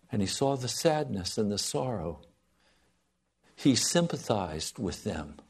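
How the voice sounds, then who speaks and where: A man preaching a sermon to a congregation, swinging from loud pleading to soft, hushed lines. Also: fairly high pitch.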